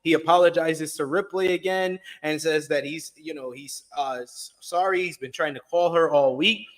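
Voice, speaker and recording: A man's voice: high-pitched, a bit bright. A man hosting a casual review chat, reading viewer comments aloud and reacting to them. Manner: laid-back, reads chat aloud with quick reactions.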